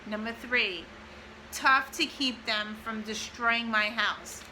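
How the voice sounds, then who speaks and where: A woman in her forties, a mother, reading a list from an old notebook aloud in a casual vlog, tearful and pausing to compose herself. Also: fairly high pitch, noisy background. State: crying.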